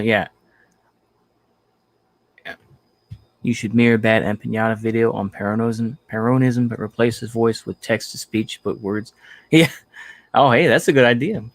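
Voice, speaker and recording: A man from the United States chats loosely with his stream audience in a mid-pitched voice. He rambles, repeats phrases and drifts off into fillers. The sound is dry and close, with no room around it. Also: vocal fry, no echo. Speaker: livestream host. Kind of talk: casual livestream chat.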